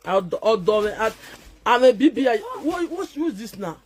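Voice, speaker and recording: A woman's voice: on the high side, sing-song, moderate pace, darkish tone. Mocking Nigerian Pidgin woman ranting at viewers. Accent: Nigerian Pidgin English. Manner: mocking, scolding, chanting. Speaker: social media vlogger. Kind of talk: taunting rant to viewers.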